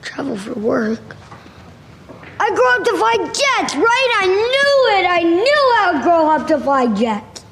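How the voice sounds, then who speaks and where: A man's voice: very high-pitched, a little slow, vocal fry, crowd noise, exaggerated voice. A child actor playing an eager eight-year-old boy who calls for a dog and asks questions that turn disappointed, in a film clip. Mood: indignant. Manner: excited, calling loudly, disappointed questions. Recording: film clip with roomy reverb and faint noise.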